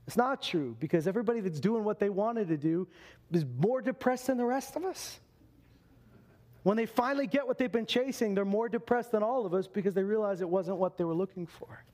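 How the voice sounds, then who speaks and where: Guy preaching a sermon, pretty high voice, animated, acts out the quotes. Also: fairly quick. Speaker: pastor.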